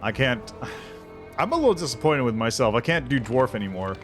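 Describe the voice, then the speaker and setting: A man's voice: medium pitch, very animated, a little fast, fairly bright tone, soft background music. A man streaming a role-playing video game, chatting casually and rambling, poking fun at himself and swearing now and then. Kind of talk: casual gameplay commentary.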